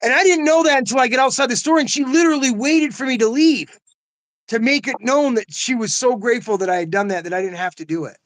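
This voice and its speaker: High-voiced older man, earnest and chatty. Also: quick pace, no echo. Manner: earnest, storytelling with many "you know what I mean" asides; laughs often. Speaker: host. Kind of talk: casual conversation.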